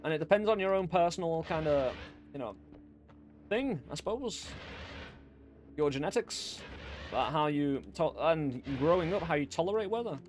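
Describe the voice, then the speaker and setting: A man's voice: on the high side, animated, moderate pace, pauses often, a little hiss or hum. A young English man rambling and joking at himself while chatting through a game stream. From England. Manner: rambling, self-deprecating, jokey. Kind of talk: casual gameplay chat.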